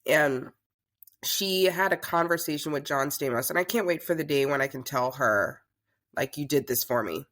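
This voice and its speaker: A woman's voice: deep voice, normal speed, fairly bright tone. Chatty woman telling a story. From Southern United States. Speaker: guest, talk show host. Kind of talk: casual interview storytelling.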